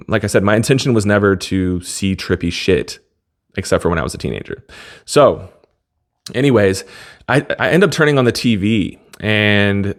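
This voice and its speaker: Laid-back rambling young man. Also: lowish voice. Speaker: vlogger. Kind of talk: casual monologue to camera.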